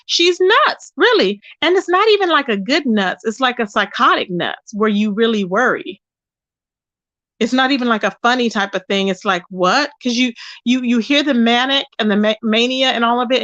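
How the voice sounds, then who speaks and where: A woman hosting a live stream, reading her chat aloud and gossiping in an animated, chatty way, calling her viewers baby and child. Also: on the high side, normal speed, no room sound, dull audio. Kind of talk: casual gossip commentary.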